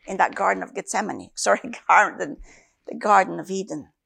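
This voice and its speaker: A woman's voice: mid-range voice, brisk, vocal fry, fairly bright tone, breathy edge. A woman from Africa, a Christian minister, giving an earnest sermon with her personal testimony and repeating key phrases for emphasis.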